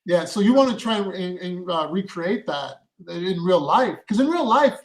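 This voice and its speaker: A man with a high speaking voice talks shop about acting on a casual podcast. He explains at length, doubling back and restarting his phrases as he goes. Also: animated, moderate pace, low-quality recording. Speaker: podcast co-host and actor. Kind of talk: casual chat.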